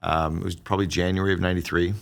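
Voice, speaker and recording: Fast-talking gravelly man telling stories. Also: low voice. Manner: fast, animated storyteller who acts out quoted dialogue. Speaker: guest, business strategist. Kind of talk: conversational podcast storytelling.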